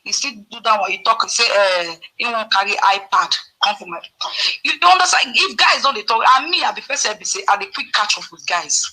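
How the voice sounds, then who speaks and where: A woman with a Nigerian Pidgin accent, casually telling a story to her viewers and acting out the dialogue with sudden leaps in pitch. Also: expressive, fairly quick, pushed and bright, husky, low-quality recording. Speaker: vlogger.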